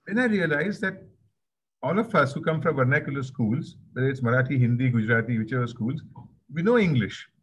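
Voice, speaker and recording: A man's voice: mid-range voice, animated, brisk, breathy edge, poor audio. A man with an Indian accent giving a conversational webinar talk, anecdotal and repeating phrases for emphasis, over a video call. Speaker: webinar guest speaker.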